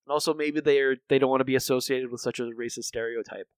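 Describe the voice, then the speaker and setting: A man's voice: medium pitch, fairly even intonation, fast, no room sound. A man co-hosting a podcast, recapping a cartoon episode in a rambling, casual way with many fillers and restarts. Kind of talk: casual chat.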